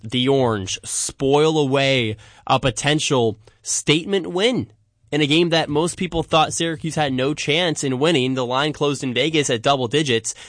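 A man co-hosting a sports podcast, giving emphatic commentary and slowing down to land his points. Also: mid-range voice, a bit bright, dry recording, studio quality. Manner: emphatic, slows down for punchlines.

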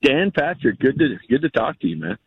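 A man calling in to a sports radio show, eager and animated. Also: medium pitch, brisk, vocal fry, slightly rough. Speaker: caller. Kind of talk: phoning in to radio. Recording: tinny phone line with faint hiss.

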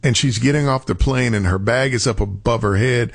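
A man giving a reflective motivational talk, telling stories and slowing down on key words for emphasis. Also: medium pitch, creaky. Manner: storytelling, acts out quoted voices, slows for emphasis.

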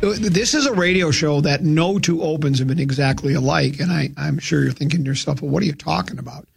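Raspy, creaky-voiced radio talk host. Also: male voice, on the high side, a little fast, faint music behind. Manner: rambling, with many restarts.

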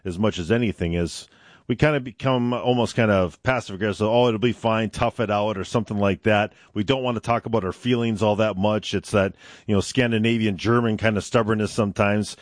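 A man's voice: on the low side, fairly even intonation, brisk, no room sound, studio quality. A man hosting a casual interview, talking in a folksy, conversational way with lots of fillers. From upper Midwest. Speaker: host.

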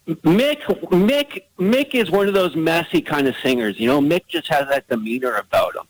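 A man calling into a sports radio show who rambles as he talks. His slightly higher voice comes through dry and close over the phone. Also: lively intonation, normal speed, no echo, rough recording. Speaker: radio caller. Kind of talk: casual call-in chat.

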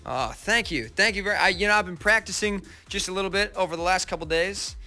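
A young man with an American accent talks in a bright, slightly high voice, tumbling through his thoughts and correcting himself as he goes. He chats casually as a radio guest, with faint music underneath. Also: fast. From United States. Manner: eager, rambling, self-correcting. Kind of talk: casual radio interview chat.

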